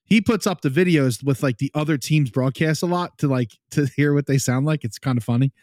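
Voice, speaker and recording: Male podcast co-host, rambling profane game chatter, voice sits a bit high, dry room. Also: fairly quick, darkish tone, dry recording. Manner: profane, rambling, full of fillers. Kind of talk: casual chat while watching a game.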